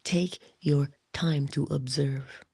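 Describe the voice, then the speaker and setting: Woman, motivational speaker, husky voice, inspirational monologue, deliberate delivery, whispered emphasis. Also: low voice, fairly even intonation, no echo. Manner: addresses listeners directly and warmly.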